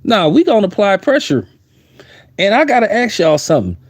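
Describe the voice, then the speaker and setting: A man delivers heated, blunt commentary in a slightly high voice, circling back to hammer his points. The sound is dry and close, with no room around it. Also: sing-song, fairly quick, no echo. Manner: heated, blunt, repeats himself for emphasis. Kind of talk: opinionated commentary.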